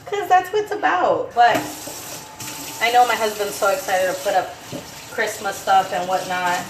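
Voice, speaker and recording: A woman in her thirties, a mother vlogging at home in a casual, animated chat, slipping in Spanish phrases now and then. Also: mid-range voice, moderate pace, reverberant, noisy background.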